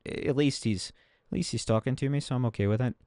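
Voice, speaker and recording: A man narrating his own gameplay in a loose, rambling way, often poking fun at himself. His voice is smooth and clear, recorded dry and close with no room sound. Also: medium pitch, fast, warm tone, no echo. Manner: chatty, self-mocking, talks to himself while playing. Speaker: game streamer. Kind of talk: casual gameplay commentary.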